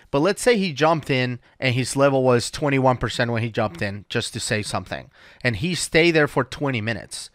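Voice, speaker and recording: A man's voice: medium pitch, fairly bright tone, no room sound. A man hosts a casual dive talk with an ordinary mid-range voice. He walks through ideas patiently, checking in with "right?" as he goes. The sound is dry and close. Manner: patient, explains step by step with lots of "right?". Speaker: dive instructor and podcast host. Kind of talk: casual explanatory chat.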